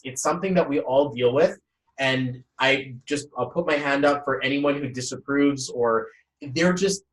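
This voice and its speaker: A young man hosting a casual motivational live talk, energetic and rambling, often repeating words as he speaks at home. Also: mid-range voice. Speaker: host. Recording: roomy echo, voice from a distance.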